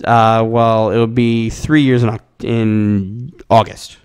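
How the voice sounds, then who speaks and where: A young man in casual podcast chat, ranting and swearing with loud, animated jumps in pitch. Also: slow pace, clean tone. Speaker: podcast co-host.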